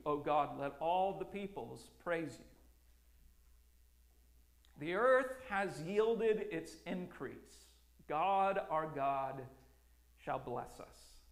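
A man preaching a sermon as a pastor, earnest and emphatic, with slow, deliberate phrasing and repeated lines. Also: a little high. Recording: roomy echo.

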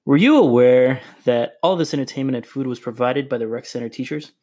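A man's voice: medium pitch, fairly quick, a little mellow, natural voice. A man playing an earnest male questioner at a hearing, asking plain questions. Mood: questioning.

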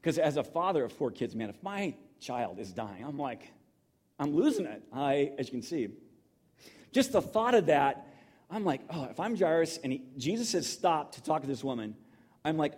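A man's voice: fairly high pitch, sing-song, moderate pace, darkish tone, slightly rough. A middle-aged man preaching in a conversational, emotional storytelling manner, full of restarts. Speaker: pastor. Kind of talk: sermon.

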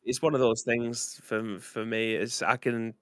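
A man's voice: mid-range voice, flat delivery, unhurried, fairly bright tone, dry recording, studio quality. Easygoing British man, casual podcast talk. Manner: easygoing, plain-spoken, swears casually. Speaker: podcast co-host. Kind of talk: casual live-stream chat.

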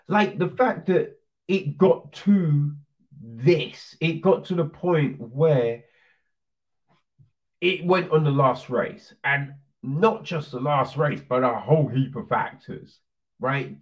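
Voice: medium pitch, animated, takes it slowly. A commentator delivering a profane, sarcastic, heated opinion rant. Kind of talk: ranting opinion monologue. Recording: distant dull lo-fi sound.

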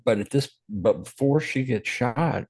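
A man's voice: medium pitch, animated, measured pace, a little mellow, slightly rough, no echo. A man co-hosting a casual movie podcast, thinking aloud and recounting his guesses about the plot, with some profanity. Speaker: podcast co-host.

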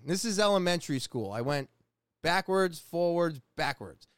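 A man in his forties from New England telling a personal story in a casual, profane, animated way, often restarting his sentences. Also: a little high, moderate pace, no echo, studio quality. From New England, USA. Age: 40s.

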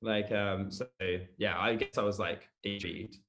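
A man's voice: lowish voice, fairly even intonation, moderate pace, creaky, fairly bright tone. A young man, chatting casually as a podcast guest. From England. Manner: chatty, lots of "like" fillers. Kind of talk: casual chat.

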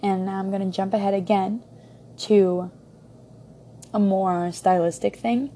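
A woman's voice: medium pitch, fairly even intonation, a little slow, mellow, a little hiss or hum. A young woman giving a casual book review, rambling with many ums and restarts.

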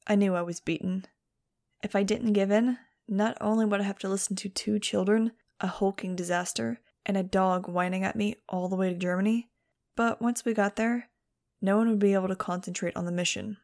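A woman's voice: medium pitch, fairly even intonation, fairly quick, a little mellow. A woman narrating a first-person audiobook in a dry, sardonic manner.

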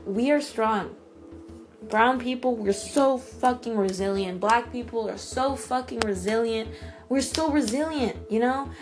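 A young woman hosting a solo podcast, talking in a rambling, emotional way, swearing freely and sounding tired. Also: fairly high pitch. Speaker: podcast host.

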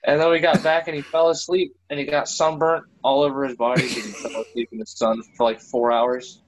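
A man's voice: mid-range voice, level tone, a little fast, slight background noise, poor audio. A man in casual conversation, chuckling and chiming in with quips while recalling army days. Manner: jokey, chuckling, chimes in with quips. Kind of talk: casual chat.

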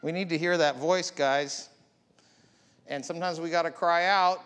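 A man's voice: a little high, normal speed, fairly bright tone. A man preaching a sermon as pastor, building up with emphatic repeated lines. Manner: preaching with rising, emphatic repetition. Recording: long hall reverb.

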